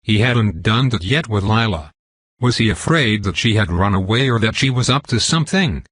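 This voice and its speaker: Husky guy reading an audiobook, lowish voice, steady, dry sound. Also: normal speed, dry recording. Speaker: audiobook narrator. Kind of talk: first-person audiobook narration.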